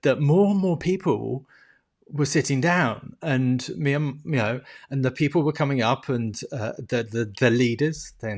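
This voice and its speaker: Candid, laughing man telling a personal story. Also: a little high. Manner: candid and emotional, laughing often, swears freely. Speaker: personal development vlogger.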